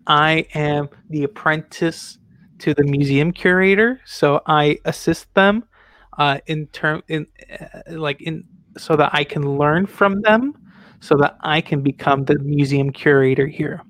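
A man's voice: on the high side, a little slow, a bit bright. A man voicing a nervous young museum apprentice who stammers and trips over his words. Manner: stammering, flustered.

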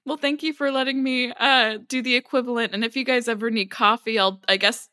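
A woman's voice: a little high, steady tone, fairly quick, sharp tone, dry recording, clean studio sound. A woman guest on a podcast, chatting casually and self-deprecatingly, often stumbling over her words. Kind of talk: casual chat.

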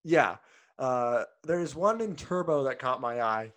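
A man's voice: mid-range voice, lively intonation, takes it slowly, a bit bright. A man co-hosting a casual podcast chat, who laughs often and acts out the lines he retells in goofy voices. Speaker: podcast co-host. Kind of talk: casual chat reviewing old TV ads.

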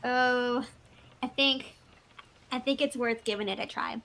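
A woman's voice: fairly high pitch, steady tone, measured pace, bright, forceful tone, slight background noise, rough recording. A woman playing a tabletop game, speaking hesitantly and laughing at her dice rolls. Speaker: player.

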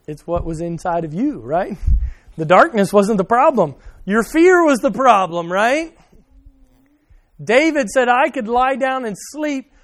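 A man preaching a sermon, asking his listeners questions and swinging from loud emphasis to quiet, soft remarks. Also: very high voice. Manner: addresses listeners by name, asks questions. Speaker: pastor.

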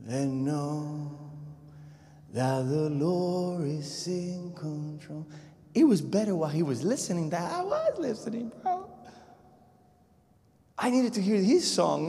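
A man's voice: fairly high pitch, gravelly. Male preacher in a reverberant hall. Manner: conversational, dramatic swings between loud and hushed. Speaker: pastor. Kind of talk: sermon storytelling. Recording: long echo of a large hall.

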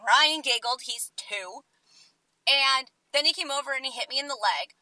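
A woman in her twenties telling a story on her vlog, chatty and animated, acting out what people said. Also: high voice, normal speed, no room sound, rough recording. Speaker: vlogger.

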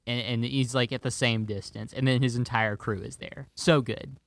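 A man in easy, casual conversation about films, now and then trying a character's line for fun. His voice sits at an ordinary middle pitch, and the sound is dry and close with no room around it. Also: fairly even intonation, moderate pace, vocal fry, fairly bright tone, no echo. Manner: playful, trades movie impressions. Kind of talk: casual movie chat.

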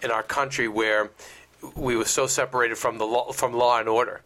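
A man's voice: medium pitch, level tone, normal speed, fairly bright tone. A man on a TV discussion panel arguing his views emphatically and repeating words as he builds his point.

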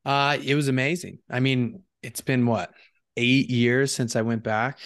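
Relaxed enthusiastic man on a podcast. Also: medium pitch, unhurried, no echo, studio quality. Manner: relaxed, enthusiastic storytelling with fillers. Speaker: co-host, host's brother. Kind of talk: casual podcast conversation.

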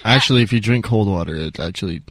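A man's voice: on the low side, quick pace, a bit bright, dry recording. A man chatting casually as a podcast co-host, joking and chiming in with asides. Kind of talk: casual chat.

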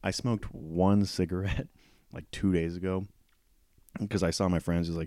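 Deep rambling young man, coughing. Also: little pitch movement, normal speed, warm tone, no room sound, clean studio sound. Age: 20s. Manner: rambling, self-mocking, swears freely. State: coughing, voice cracking. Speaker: podcast host. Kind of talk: casual solo podcast.

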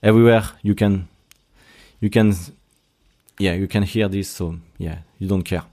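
Young French-accented podcast host, low pitch, halting casual delivery. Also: male voice, steady tone, warm tone. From Brittany, France. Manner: hesitant, many restarts and fillers. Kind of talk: casual solo podcast monologue.

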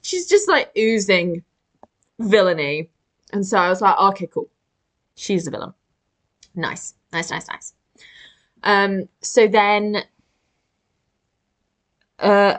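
A young woman chats casually about a film, sarcastic and peppering her talk with "like." Her pitch rises and falls very freely. Her voice sits at an average height. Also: very animated, takes it slowly, pauses often. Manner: chatty, sarcastic, lots of "like" and quoted asides. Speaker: podcast co-host. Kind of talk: casual film-review chat.

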